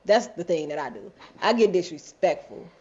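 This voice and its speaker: A woman co-hosting a podcast, telling lively, candid stories with frequent laughs in casual chat. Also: on the low side, normal speed. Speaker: podcast co-host. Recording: dull lo-fi podcast audio.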